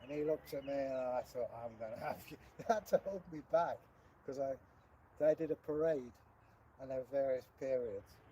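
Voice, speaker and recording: A man, chatting casually on a livestream, jokey and quick to laugh. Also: mid-range voice, warm tone, a little hiss or hum, rough recording. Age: 60s. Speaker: co-host.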